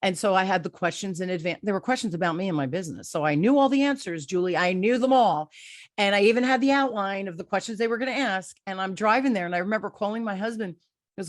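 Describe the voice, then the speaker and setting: Lively middle-aged woman host. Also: medium pitch, quick pace, dry recording, clean studio sound. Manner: animated storyteller, acts out dialogue. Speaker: podcast host. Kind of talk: conversational interview.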